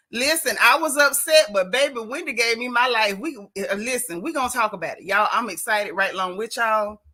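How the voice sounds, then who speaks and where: Excited woman host, bright voice. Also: fairly high pitch, poor audio. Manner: animated, folksy, loud greetings. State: out of breath. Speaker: show host greeting live chat. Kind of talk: casual livestream chat.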